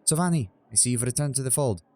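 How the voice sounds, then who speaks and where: A man putting on a composed female judge from a fantasy game, speaking up high in a strained falsetto. Her words lean into a faint Celtic-sounding lilt. She is calm, formal and searching. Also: fast, natural voice. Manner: strained raised pitch for a female voice, accent slipping into a Celtic-like lilt.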